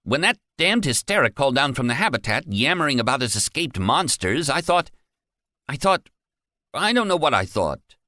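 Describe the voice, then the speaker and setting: A panicked company security guard with a shaking voice, as a male narrator puts him on. The pitch rides well above his usual low register and jumps around. It sounds close and dry. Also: very animated, moderate pace, sharp tone, dry recording. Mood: guilty.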